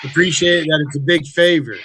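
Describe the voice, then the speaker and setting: A man hosting a livestream, ranting angrily at his chat with heavy profanity, taunting viewers and breaking into loud outbursts. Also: on the high side, fairly even intonation, a little fast, slightly rough. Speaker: livestream host.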